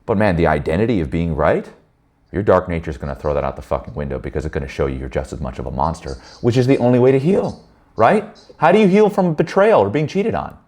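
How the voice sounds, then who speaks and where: A man leading a men's group, telling stories in a blunt, profane and animated way. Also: low-pitched, quick pace. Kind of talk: candid group talk.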